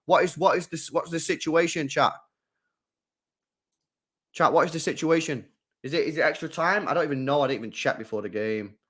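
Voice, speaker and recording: A man hosts a live football watchalong, chatting with his viewers and reacting to every attack. His voice sits slightly high for a man. He bursts into loud shouts at big moments and drops to low mutters in between. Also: fairly quick, pauses often, slightly rough.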